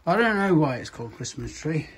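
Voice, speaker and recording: A man's voice: fairly high pitch, big pitch swings, fairly quick. Blunt man with a noisy outdoor sound. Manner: blunt, swears freely. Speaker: nursery owner. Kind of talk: casual chat. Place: outdoors at a hillside nursery.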